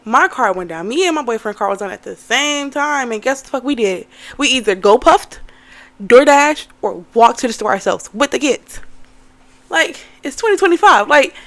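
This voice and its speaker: A young woman telling a story in a casual vlog, animated and cursing, talking to viewers as y'all. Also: high-pitched. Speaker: vlogger.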